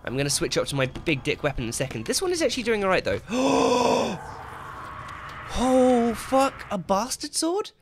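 Excitable swearing male gamer. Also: fairly high pitch, fast, hardly any pauses. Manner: excitable, swears a lot, yells at the game. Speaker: gaming channel host. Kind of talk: let's play commentary. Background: game music and sound effects.

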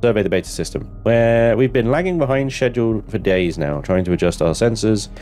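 A man's voice: fairly low pitch, animated, a little fast, darkish tone, faint music behind. A man giving casual gameplay commentary, chatty and laughing often as he reads game text aloud. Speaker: gamer streaming his play.

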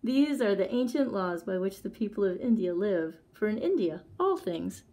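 A woman reading a picture book aloud for a library story time. Her delivery is clear and expressive, at an ordinary mid pitch for a woman. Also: normal speed, low-quality recording.

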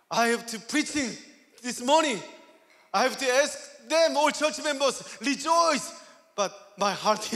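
Recorded with long church hall reverb, a guest pastor with a Korean accent and English as his second language shares a personal story, voicing his own quoted lines and laughing frequently. His voice is extremely high and a bit bright.

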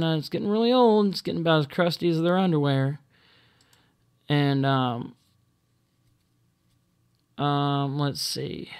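A man talking to camera in a casual monologue, halting and full of ums and restarts, blunt and exasperated. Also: fairly high pitch, clear, resonant tone. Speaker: video blogger.

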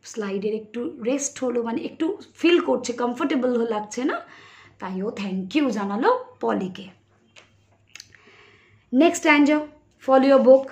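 Woman teacher with a Bengali accent and a slightly high voice, reading a story aloud to young pupils and explaining it patiently. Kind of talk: online English literature lesson.

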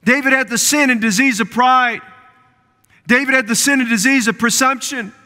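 A man's voice: extremely high pitch, moderate pace, pushed and bright, long reverb tail. A man preaching a sermon as pastor, building fervor and repeating phrases for emphasis. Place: church sanctuary.

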